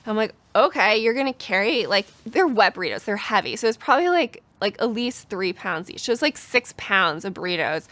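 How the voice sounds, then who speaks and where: A young woman from the United States telling a cycling story in a chatty, animated way, full of "like". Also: medium pitch, brisk, few pauses, no echo. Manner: chatty, animated, heavy use of "like". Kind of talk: casual storytelling.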